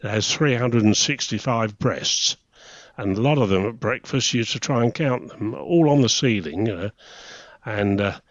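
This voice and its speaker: A man's voice: fairly low pitch, moderate pace, dry recording. A man in his eighties from England, a retired naval officer telling chatty anecdotes in an interview, often chuckling. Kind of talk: casual reminiscing interview. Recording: dry, slightly dull recording.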